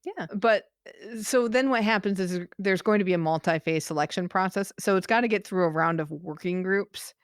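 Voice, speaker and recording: A woman co-hosting a podcast, reading out news updates in a careful, measured way and laughing easily between items. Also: medium pitch, no echo, studio quality. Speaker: podcast co-host. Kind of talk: casual news chat.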